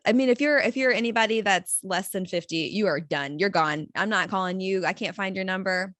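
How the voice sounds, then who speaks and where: Animated, emphatic woman, dry sound. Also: medium pitch, a little fast, dry recording. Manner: animated, emphatic, laughs often. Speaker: podcast guest, mortgage professional. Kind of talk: casual podcast chat.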